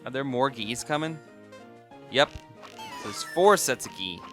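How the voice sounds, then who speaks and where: A man's voice: mid-range voice, lively intonation, unhurried, fairly bright tone, soft background music. A man giving casual, jokey gameplay commentary as a let's play host, chatting to the game as he plays.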